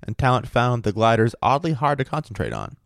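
A man reading a story aloud at a steady pace, stopping to chat about it. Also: mid-range voice, fairly quick, gravelly, no room sound, clean studio sound. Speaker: story reader and host.

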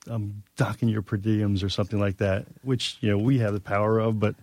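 A man's voice: lowish voice, level tone, a little fast, a little mellow, no room sound. A man telling a long tour story in a casual chat, rambling and profane, with many fillers. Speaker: guest musician.

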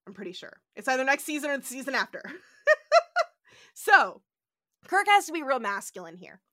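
Bright-voiced woman, brisk podcast recap. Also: high-pitched, no echo, studio quality. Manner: animated, acts out quoted lines, swears casually. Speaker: podcast host. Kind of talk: casual chat recapping an episode.

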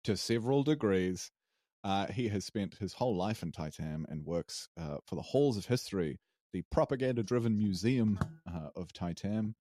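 Speaking at a moderate pace with lively intonation, this co-host has a fairly low, warm voice on a dry recording. He's a player recapping a tabletop game in a casual, rambling, hesitant way, full of fillers and laughter.

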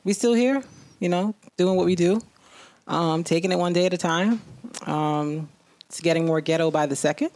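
A woman co-hosting a casual podcast chat, animated and playful, breaking into high sing-song bits. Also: moderate pace. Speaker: podcast co-host.

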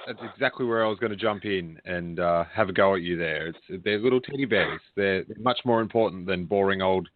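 A man's voice: low voice, brisk, hardly any pauses, dry recording. A man hosting a casual chat, joking and talking with many restarts. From Australia. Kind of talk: casual chat over a call. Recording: tinny call audio, dry.

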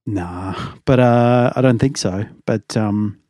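Man, slight rasp, lowish voice, dry close sound, rambling casual podcast chat. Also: slow pace, warm tone, no echo. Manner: chatty, rambling, laughs often. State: slightly raspy from a long day. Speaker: podcast co-host.

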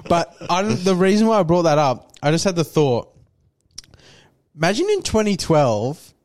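Young Aussie man, casual podcast co-host, a touch higher-pitched, rambling and crude. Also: big pitch swings, moderate pace, darkish tone. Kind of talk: casual chat.

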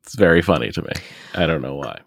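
A man's voice: very deep voice, expressive, fast, gravelly, no room sound, clean studio sound. A man co-hosting a casual podcast, teasing and joking, laughing at his own jokes. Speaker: podcast co-host. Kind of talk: casual chat.

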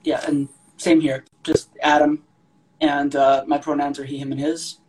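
A man's voice: fairly high pitch, level tone, measured pace, darkish tone, slight background noise, rough recording. A man in his forties, a guest on a video-call interview, speaking briefly and matter-of-factly. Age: 40s. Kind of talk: casual interview.

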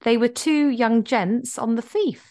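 Speaking fairly high and a bit slowly, a middle-aged podcast co-host chats casually. As she tells a story, she gets animated and performs the quoted lines.

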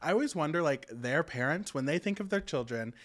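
A man chatting casually as a podcast co-host, his voice sitting a little high for a man. He rambles freely, leans on "like" as a filler and laughs easily between thoughts. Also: lively intonation, brisk, a bit bright. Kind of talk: casual chat.

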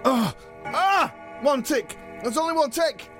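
A blustering wrestling champ. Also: male voice, on the high side, very animated, moderate pace, music in the background. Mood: panicked. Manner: blustering and boastful, with sudden panicked yelps. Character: washed-up male wrestling champ, cocky, evasive and greedy. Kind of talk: comedy audio drama.

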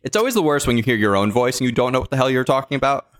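A man's voice: medium pitch, animated, very fast, slight background noise. A man hosting a podcast and running a guessing game for his co-hosts, talking loosely in casual chat with plenty of fillers. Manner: loose, rambling, lots of fillers.

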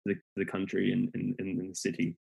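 An Australian man with a fairly low voice, chatting easily as a podcast guest. He talks in a relaxed, meandering way and often restarts his sentences. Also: brisk, creaky, husky, poor audio. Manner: relaxed and rambling, with many restarts. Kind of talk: casual chat.

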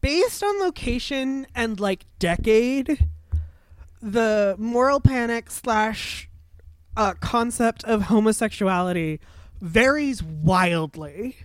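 A woman's voice: fairly high pitch, lively intonation, slow pace, no echo, studio quality. A woman chatting as a podcast co-host, telling stories with wry asides. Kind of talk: casual podcast chat.

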